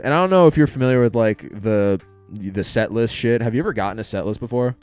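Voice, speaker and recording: A young man tells a story on a podcast, swearing freely and acting out every quote. His voice is smooth and clear at a middle pitch. Faint music sits underneath. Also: brisk, a little mellow, dry recording. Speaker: podcast co-host. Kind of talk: casual chat.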